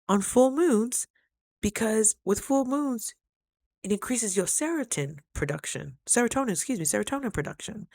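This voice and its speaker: A woman vlogger telling stories to camera in a casual, animated, slangy way, acting out the voices of the people in them. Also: mid-range voice, dry recording, clean studio sound.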